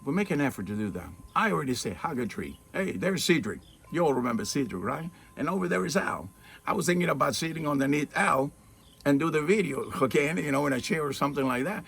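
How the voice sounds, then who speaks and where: A man's voice: on the high side, expressive, quick pace, creaky, a bit bright, slightly rough. A man giving an earnest, informal spiritual talk outdoors in the shade. He often asks rhetorical questions and checks in with "okay?". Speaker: spiritual teacher. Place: outdoors in the shade at his home, with trees and mountains. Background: faint outdoor ambience with birds and wind chimes.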